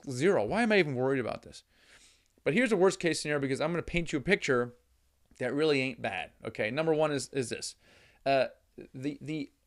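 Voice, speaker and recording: With a mid-range voice, a middle-aged man gives a high-energy teaching talk meant to motivate real estate investors. He repeats words often and dramatizes worried thoughts in character.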